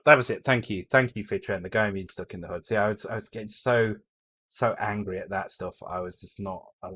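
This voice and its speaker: A man's voice: fairly low pitch, a bit bright, breathy edge, no room sound. A British man on a live coding stream, thinking aloud in a blunt way, swearing freely and often breaking off to restart his sentences. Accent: British English. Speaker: streamer coding a retro game. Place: home.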